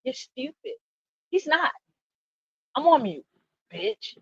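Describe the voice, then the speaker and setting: A woman in a heated stream chat, loud and profane, who interrupts and repeats herself. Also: high voice, big pitch swings, slow pace, no room sound, muffled recording. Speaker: stream moderator.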